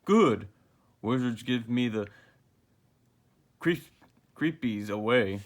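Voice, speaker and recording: A simple-minded cartoon starfish speaks in a slow, dopey way, as a man reads him. He sounds friendly and not very bright. His pitch sits in a middle range. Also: lively intonation. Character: dim-witted friendly male cartoon starfish.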